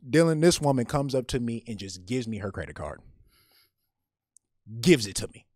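This podcast co-host has a darkish, mid-range voice and an animated delivery at normal speed. He tells a story in casual conversation, frequently restarting his sentences. The recording is dry and of studio quality.

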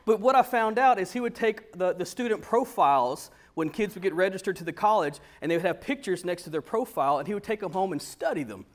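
A man preaching with a notably high voice, telling a story in an animated, conversational way. He speaks to a congregation like a pastor chatting with friends. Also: quick pace, hardly any pauses. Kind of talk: storytelling sermon.

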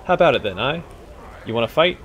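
A man's voice: mid-range voice, lively intonation, fast talker, a bit bright, muffled recording, slight background noise, voice pushed up, lightly acted. A man reading out a swaggering tavern bully from a fantasy game in a taunting, jeering manner.

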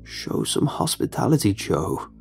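A man putting on a croaking, creepy sun being. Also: fairly low pitch, very animated, a little mellow, soft background music, heavily acted. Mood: creepy coaxing. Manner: slow, drawn-out, coaxing. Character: creepy gaunt male sun being, cold and insistent. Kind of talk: horror story reading.

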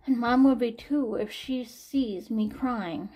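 A woman's voice: on the high side, slow pace, dark tone. A woman in her forties talking anxiously to camera in a personal late-night vlog, sighing often and trailing off. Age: 40s. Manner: anxious, frequent sighs, trailing off. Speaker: vlogger.

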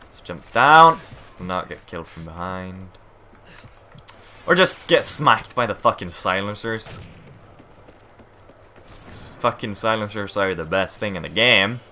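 A man's voice: deep voice, lively intonation, measured pace, long pauses, sharp tone. A man doing live gameplay commentary, frustrated and swearing as he plays. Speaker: gamer. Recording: game noise clearly behind.

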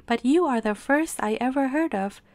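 A woman's voice: sits high, lively intonation, normal speed, a little mellow, no room sound. A woman doing a cool, dismissive nurse.

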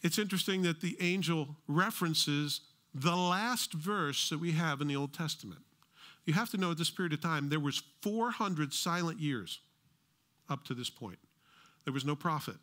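A man's voice: fairly high pitch, moderate pace, bright, forceful tone. A middle-aged American man preaching a sermon as pastor, conversational with joking asides.

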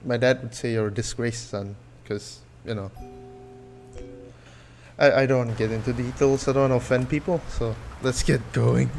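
A man's voice: mid-range voice, fairly even intonation, moderate pace, vocal fry, long pauses, darkish tone, soft background music. A man giving casual let's-play commentary on a horror game, nervous, jokey and profane, rambling as he goes. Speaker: gameplay channel host.

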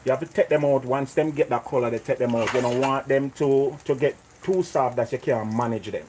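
A man's voice: medium pitch, fairly quick, noisy background. A man with a Jamaican accent hosting a live cooking stream from a home kitchen, chatting and greeting viewers by name. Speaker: cooking show host.

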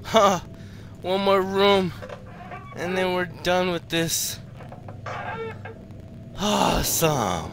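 A man's voice: high-pitched, slow pace, pauses often, fairly bright tone, slight background noise. A man hosting a gaming channel, giving horror game commentary full of swearing and panicky outbursts. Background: game music.

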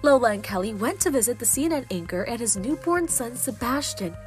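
A woman's voice: fairly high pitch, lively intonation, fairly quick. Upbeat woman reading entertainment news. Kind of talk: scripted news voice-over. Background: faint music bed.

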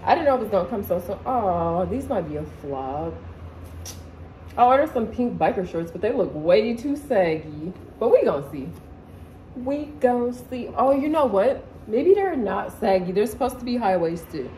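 A young woman chatting casually in her living room, excitable and slangy, as a vlogger showing clothes. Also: mid-range voice, normal speed, slight background noise, low-quality recording. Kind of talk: casual haul video chat.

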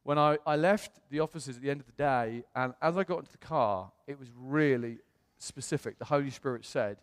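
A man from the United Kingdom preaching in a church, telling his story in a chatty, animated way with self-quotes. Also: medium pitch, a little fast. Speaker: pastor. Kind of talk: storytelling sermon. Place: church hall. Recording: long church-hall reverb.

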